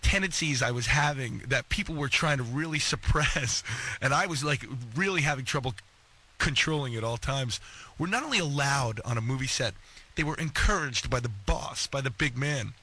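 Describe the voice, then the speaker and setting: A man from New York, a guest actor, telling stories in a casual radio chat, fast and animated with lots of fillers. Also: medium pitch, breathy edge.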